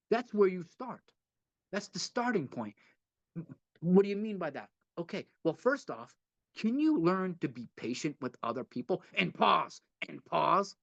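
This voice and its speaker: A man's voice: high-pitched, vocal fry, no room sound, dull audio. A man leading a twelve-step study session in an informal teaching style, earnest and repetitive, often checking in with a rhetorical "right?". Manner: earnest, repeats points, asks rhetorical "right?".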